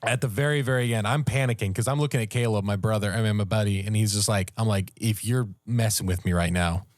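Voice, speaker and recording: A man with a fairly low voice tells a story on a podcast in casual, animated talk. His voice climbs at the tense parts. The sound is dry and close to the mic. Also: fast talker, no room sound. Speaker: podcast co-host. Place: podcast studio.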